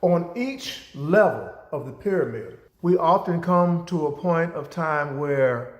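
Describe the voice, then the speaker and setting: A man giving a storytelling lecture, animated and asking rhetorical questions. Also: on the high side, a little slow. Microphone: camera. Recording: roomy echo.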